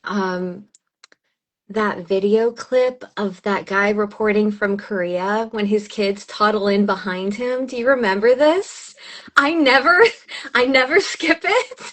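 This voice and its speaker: An animated woman in her thirties chatting as a guest. She gushes, laughs often and talks at an everyday middle pitch, sounding relaxed and personal. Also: takes it slowly. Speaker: audiobook narrator, guest. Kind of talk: casual chat.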